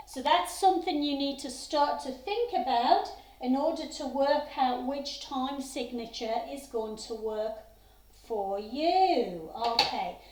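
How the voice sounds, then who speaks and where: A woman with a high-pitched, darkish voice teaches a music theory lesson to students, giving patient step-by-step instructions. The room is echoey.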